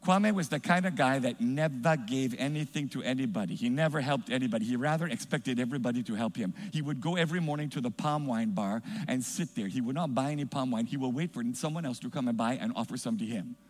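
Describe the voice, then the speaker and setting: A man preaching a sermon in a church, emphatic and rising to shouts as he calls for responses. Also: mid-range voice, fast talker, few pauses, in a large hall.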